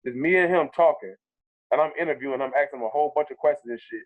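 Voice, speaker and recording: Animated man on a tinny line. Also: medium pitch, racing. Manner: animated, profane storyteller acting out quotes. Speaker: comedian guest. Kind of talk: casual storytelling interview. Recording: tinny phone-like sound.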